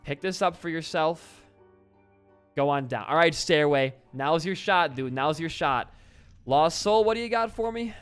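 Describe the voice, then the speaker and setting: A young man casually commentating his own gameplay, excitable and swearing freely as he talks at the game. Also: on the high side, unhurried, smooth, faint music behind. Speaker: gaming channel host.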